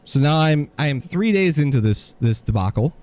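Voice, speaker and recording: A man's voice: on the high side, animated, moderate pace, a little mellow. A man co-hosting a podcast, telling a story in an exasperated, sarcastic rant. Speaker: podcast co-host. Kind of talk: casual ranting podcast chat.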